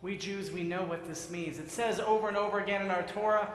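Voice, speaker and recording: A man giving a sermon as rabbi in a synagogue sanctuary, telling stories in a measured way and acting out the voices. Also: high-pitched, fairly even intonation, a little hiss or hum. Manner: storytelling, acts out voices, measured. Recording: echoey sanctuary with long reverb.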